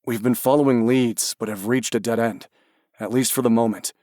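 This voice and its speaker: A man voicing a calm, steady rescuer. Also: mid-range voice, normal speed, no echo, studio quality, natural voice. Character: steady man, search and rescue dog handler.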